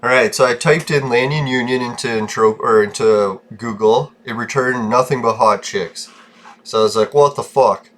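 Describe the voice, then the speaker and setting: Guy ranting over a video game, swearing constantly, short fuse, mid-pitch voice. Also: steady tone, normal speed, fairly bright tone. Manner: profane, ranting, easily irritated. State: short-tempered. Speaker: gaming vlogger. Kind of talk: casual gameplay commentary.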